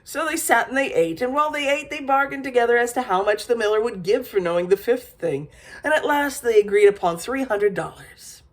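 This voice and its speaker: A woman reading an old fairy tale aloud as a storyteller, lively, with small slips and restarts. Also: fairly high pitch, brisk.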